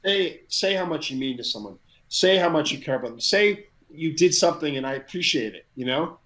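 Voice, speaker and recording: A middle-aged man with a fairly high voice tells a story in casual chat. He talks with energy and often stumbles over repeated words as he picks up speed. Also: lively intonation, a little fast, a bit bright, rough recording. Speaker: guest, crowd hype man.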